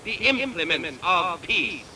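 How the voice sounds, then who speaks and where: An actor playing a communist orator in an old propaganda film, giving a slow, declamatory speech. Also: male voice, high voice, sing-song, slight background noise, exaggerated voice. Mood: mocking oratory. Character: fiery communist orator decrying America, adult man. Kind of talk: 1950s propaganda film acting. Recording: old film soundtrack with loud crowd. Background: loud crowd.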